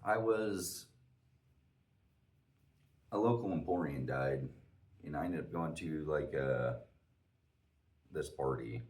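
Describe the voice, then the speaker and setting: A man's voice: rumbling low, slow pace, long pauses, darkish tone, far from the mic. A man in his forties, a podcast host, telling a profane, self-mocking story in casual chat.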